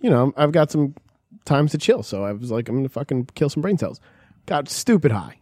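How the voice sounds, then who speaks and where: A man's voice: medium pitch, a little fast, no echo. Profane storytelling man, dry close mic. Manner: profane, animated storyteller acting out quotes. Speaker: podcast co-host. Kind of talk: casual storytelling chat.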